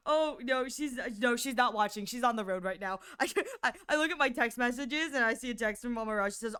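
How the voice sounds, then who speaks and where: A woman's voice: a little high, expressive, brisk, sharp tone, smooth. A young woman streamer in casual chat, giggling often and rambling between stories.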